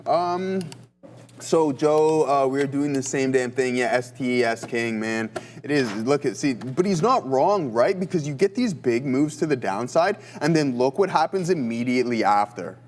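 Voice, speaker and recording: A man's voice: mid-range voice, moderate pace. A man hosting a live trading stream, thinking aloud and joking as he calls his trades. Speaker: livestream trading host.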